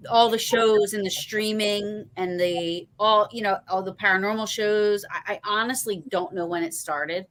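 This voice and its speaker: A woman's voice: medium pitch, steady tone, moderate pace, hardly any pauses, a bit bright. A woman hosting a casual livestream chat, rambling with lots of restarts and fillers. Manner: rambling, full of "you know" and restarts. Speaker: host.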